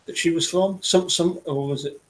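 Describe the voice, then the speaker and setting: A man in casual conversation who talks haltingly, often repeating words as he goes. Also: on the high side, fairly even intonation, a little hiss or hum. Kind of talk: casual chat.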